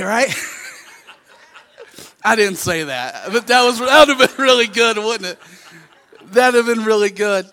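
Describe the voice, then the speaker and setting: A male pastor preaching a sermon, telling stories with lively acted-out voices. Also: high voice, a little slow, pauses often, slight background noise. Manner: animated storytelling, acts out voices in anecdotes.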